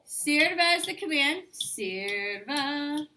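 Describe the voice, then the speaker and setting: A woman with a slightly high voice runs a classroom lesson, firing questions at her students and echoing their answers. The room is echoey, with faint background noise. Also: lively intonation, slow, pushed and bright. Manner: quizzing students, repeating answers back. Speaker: Spanish teacher. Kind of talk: classroom teaching.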